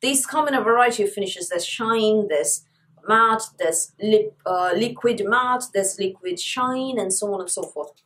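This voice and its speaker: A woman's voice: mid-range voice, measured pace, a bit bright, poor audio. Woman with a sore throat reviewing lipsticks. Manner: chatty, enthusiastic, repeats words for emphasis. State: sore throat, sucking a lozenge. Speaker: beauty vlogger. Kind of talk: casual product review.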